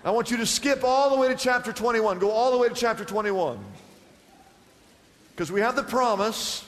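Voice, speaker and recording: A man's voice: very high voice, normal speed, a bit bright, long reverb tail, slight background noise. A male pastor preaching a sermon, acting out Bible scenes and reading scripture aloud.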